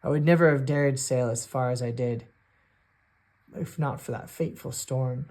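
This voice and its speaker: A man voicing an older male noble seafarer, a regretful father who speaks in a halting, reflective way. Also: medium pitch, darkish tone, natural voice.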